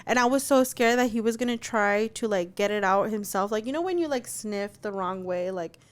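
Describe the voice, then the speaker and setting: A young adult woman co-hosting a podcast, telling a story in an animated, chatty way, full of fillers and swearing. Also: mid-range voice, moderate pace. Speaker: podcast co-host. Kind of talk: casual chat.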